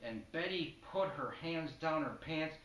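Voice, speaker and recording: A man telling a spoken-word story in a matter-of-fact, deadpan way, heard in an echoey room from a distant mic. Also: on the high side, measured pace.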